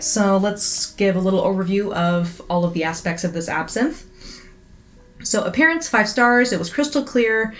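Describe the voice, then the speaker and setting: A woman giving a chatty, enthusiastic casual review, with many fillers. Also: fairly low pitch. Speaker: absinthe reviewer.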